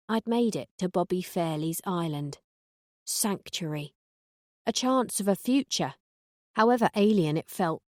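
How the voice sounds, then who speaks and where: A woman reading a first-person audiobook in a dry, sardonic, deadpan way. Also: mid-range voice, no room sound. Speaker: audiobook narrator.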